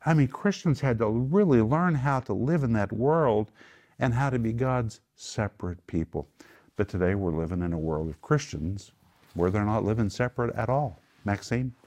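A man's voice: fairly low pitch, animated, moderate pace, a little mellow. A man hosting and teaching a Bible study in a home group, stressing key words with emphasis.

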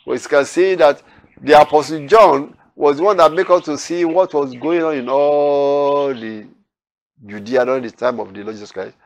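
A man's voice: a little high, normal speed. Man teaching scripture verse by verse. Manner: explains with repeated phrases and everyday examples, reads scripture aloud louder. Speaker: Bible teacher.

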